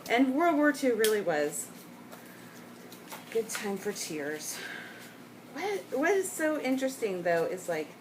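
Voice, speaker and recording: A woman's voice: on the high side, sing-song, a little slow, long pauses, background noise. A woman chatting casually while she scrapbooks, rambling off on tangents and laughing often. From United States. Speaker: scrapbooking vlogger.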